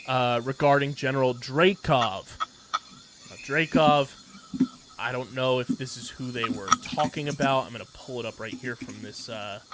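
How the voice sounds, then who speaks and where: A man's voice: medium pitch, very noisy. A male podcast co-host talking casually and enthusiastically, rambling with lots of filler words as he recaps a TV episode. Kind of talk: casual pop-culture podcast chat.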